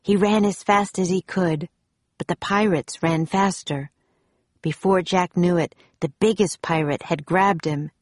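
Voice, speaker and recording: A woman reading a children's adventure story aloud in a calm, steady manner. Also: lowish voice, unhurried, no room sound, studio quality.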